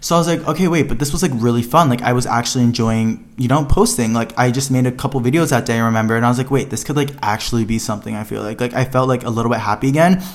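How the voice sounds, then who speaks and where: A man's voice: mid-range voice, very fast, hardly any pauses. A young man hosting his own podcast, telling a personal story in a casual, chatty way, full of fillers and dramatic retellings. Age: young adult. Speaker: podcast host.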